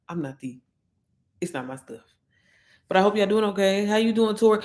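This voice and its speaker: A woman's voice: mid-range voice, animated, a little fast, pauses often, darkish tone, roomy sound. A woman hosting a live stream in casual chat, greeting viewers by name and laughing often. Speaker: livestream host.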